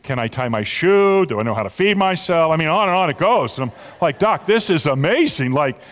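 Older male pastor in his 60s, kinda high voice for a guy, animated rambly sermon, lots of echo. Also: brisk. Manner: animated, storytelling with asides and restarts.

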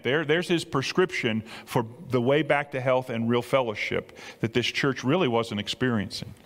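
A man's voice: mid-range voice, moderate pace, hardly any pauses, in a large hall. An older man preaching a sermon in a conversational way, often repeating words and building to emphatic peaks. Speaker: pastor.

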